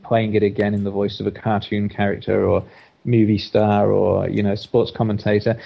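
A man's voice: on the low side, gravelly, highs cut off. A man, a therapist, telling a case story in an interview, with many restarts and filler words. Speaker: therapist, podcast guest.

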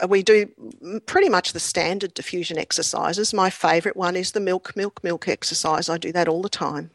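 A middle-aged woman, a clinical psychologist, chatting in an interview with lively anecdotes, ums and frequent laughter. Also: lowish voice, a little fast, no room sound. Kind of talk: conversational interview storytelling.

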